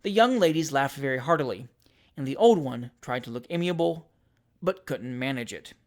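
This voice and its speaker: A podcast narrator reading a classic novel aloud in a measured, wry storytelling manner. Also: mid-range voice, animated. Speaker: audiobook narrator.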